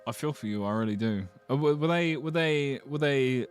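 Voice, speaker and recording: A man's voice: medium pitch, normal speed, soft background music. A man streaming live, chatting casually with viewers in a blunt, sardonic way and swearing freely.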